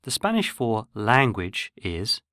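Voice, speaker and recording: A man giving scripted, measured narration for a pronunciation lesson. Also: on the low side, very animated, pushed and bright, no echo, studio quality. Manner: measured, explanatory. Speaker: language course narrator.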